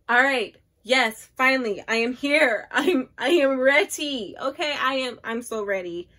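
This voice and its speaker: A young woman in her twenties with a slightly high voice talks to camera about a book she loves. She gushes and leans hard on her points, speaking straight to her viewers in a loose, chatty vlog style. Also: a little slow, bright, forceful tone. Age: 20s. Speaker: book vlogger. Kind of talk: casual book review chat.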